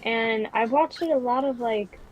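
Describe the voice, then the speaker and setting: A woman's voice: on the high side, measured pace, dull audio, a little hiss or hum. A young woman from New York, a guest in a casual chat, rambling with lots of fillers and restarts. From New York City. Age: young adult.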